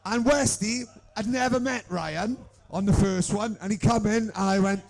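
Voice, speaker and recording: Very high-pitched, gravelly man telling crude stories. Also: moderate pace, darkish tone. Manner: swears constantly, rambling anecdotes. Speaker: podcast co-host. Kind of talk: crude live podcast storytelling. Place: live show in a room with an audience.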